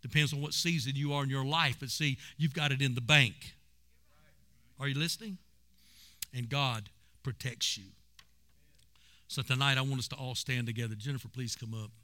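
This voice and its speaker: Pastor guy preaching, bright tense voice, tells stories with lots of emphasis. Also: medium pitch, steady tone, moderate pace, pauses often. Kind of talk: sermon.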